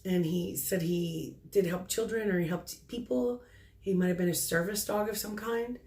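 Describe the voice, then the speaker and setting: A middle-aged woman working as a psychic medium, relaying spirit messages in a halting, soft-spoken way with many pauses and restarts. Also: mid-range voice.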